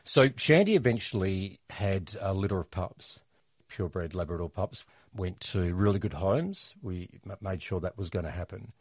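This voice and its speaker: A middle-aged Australian man telling funny family stories in a casual, animated way. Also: deep voice, normal speed, breathy edge, no room sound, studio quality. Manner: animated, jokey storyteller. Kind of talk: casual storytelling chat.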